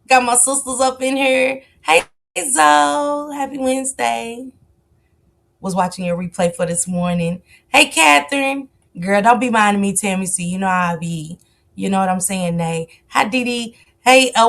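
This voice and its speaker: Woman doing a casual livestream, AAVE, keeps shouting out viewers by name, stretches her hellos. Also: a little high, creaky. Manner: greets chat viewers by name, drawn-out excited calls. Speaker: livestream host.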